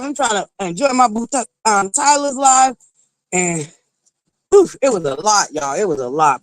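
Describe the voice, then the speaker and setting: A woman hosting a casual morning livestream, excitedly greeting viewers by name and chatting in a lively way. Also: medium pitch, a little slow, dry recording. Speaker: host of a morning talk stream.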